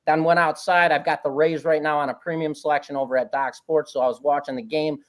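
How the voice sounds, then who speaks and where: A man guesting on a betting show talks through his game picks at length. His voice sits a little high, and he speaks with easy confidence. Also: fairly even intonation, fast. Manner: talkative, confident, rambling. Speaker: guest sports handicapper. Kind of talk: casual sports betting analysis.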